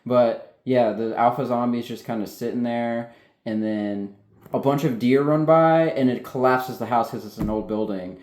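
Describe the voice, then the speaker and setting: A man talks through a film in casual, excitable chat and swears freely. His voice has a mellow, darker tone. The room adds a noticeable echo. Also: medium pitch, moderate pace. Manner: excitable, heavy swearing, animated. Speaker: film reviewer, co-host. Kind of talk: casual spoiler review chat. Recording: roomy echo.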